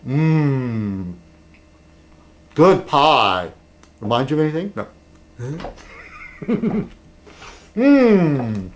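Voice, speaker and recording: Rambling man with a lively voice. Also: mid-range voice. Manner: meandering, self-interrupting, dry humor. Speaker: vlogger. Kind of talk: rambling casual monologue.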